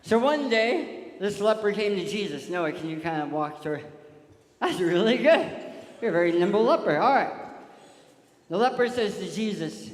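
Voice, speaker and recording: A man preaching a sermon in a large church hall, animated and pulling a volunteer into the story. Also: sits high, normal speed. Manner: animated, shouts cues to a volunteer. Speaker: guest preacher. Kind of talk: sermon with audience participation. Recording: echoey hall, long reverb.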